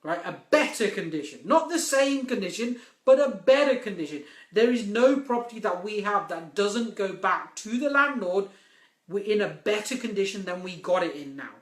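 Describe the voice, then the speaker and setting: A man's voice: high voice, animated, moderate pace, echoey room. A man giving a live-stream coaching talk on property investment, emphatic and repeating his key points.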